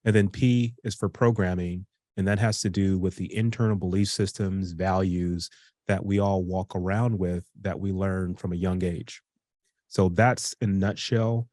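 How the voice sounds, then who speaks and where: Deep-voiced man explaining casually. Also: a little mellow, no echo, clean studio sound. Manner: conversational, with frequent restarts and fillers. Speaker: speaker teaching a self-improvement workshop.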